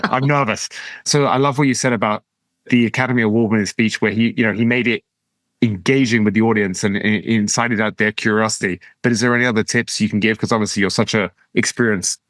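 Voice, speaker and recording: A male podcast host with a low-pitched voice asks questions hesitantly, restarting his phrases often. The sound is dry and close to the mic. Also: steady tone, quick pace, fairly bright tone, no echo. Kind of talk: conversational podcast interview.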